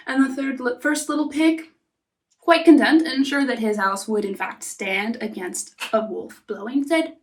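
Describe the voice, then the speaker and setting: Soft-spoken woman storyteller, high voice. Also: lively intonation, recorded from a distance. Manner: soft, often whispering, unhurried. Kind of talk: storybook narration.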